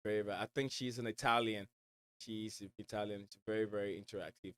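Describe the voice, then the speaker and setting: A man's voice: lowish voice, steady tone, fast, a bit bright, slight background noise. A man from West Africa with an accent blending West African and American, hosting a casual fan livestream at home and reading viewer messages in a rambling way, with many fillers and repeated words. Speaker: livestream host.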